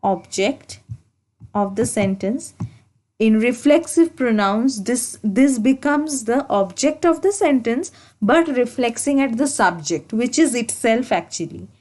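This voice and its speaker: A woman teaching an English grammar lesson for exam preparation, explaining slowly and deliberately, repeating key points and correcting herself as she goes. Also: a little high, lively intonation, darkish tone. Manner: slow, deliberate explaining with repetition and self-corrections.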